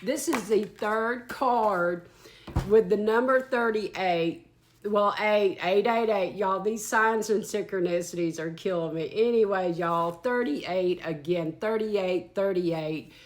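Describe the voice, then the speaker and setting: A woman's voice: medium pitch, takes it slowly. A woman giving a casual channeled tarot reading, chatty and earthy, swearing freely and calling listeners y'all and darling. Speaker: tarot reader.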